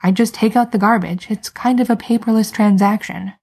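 A woman's voice: a little high, fairly even intonation, a little fast, darkish tone, breathy edge. A woman reading a flustered, sheepish young man's lines in a fan fiction story. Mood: defensive. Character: sheepish young adult man, flustered and self-deprecating. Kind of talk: fan fiction read aloud.

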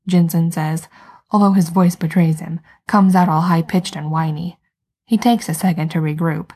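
Husky woman reading a story aloud. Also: lowish voice, steady tone, normal speed, dark tone. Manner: wry, conversational storytelling. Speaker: narrator. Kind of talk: fan fiction read aloud.

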